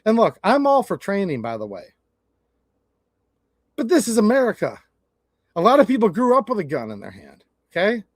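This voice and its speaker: A man's voice: sits high, wildly swooping pitch, normal speed, long pauses, no room sound, studio quality. A man hosting his own channel, talking bluntly and casually in a folksy way as he gives his opinions to camera. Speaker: channel host.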